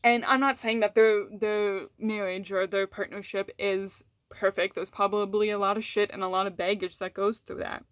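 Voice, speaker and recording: A woman's voice: medium pitch, little pitch movement, moderate pace, few pauses, no echo, studio quality. A woman vlogger in a candid, casual chat with her audience. She is frank and swears freely, restarts her sentences often and laughs between words.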